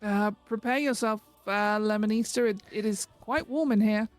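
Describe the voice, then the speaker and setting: A woman's voice: mid-range voice, normal speed, faint music behind. A woman playing her character in a tabletop game, speaking in hesitant, formal phrases full of fillers. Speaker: player.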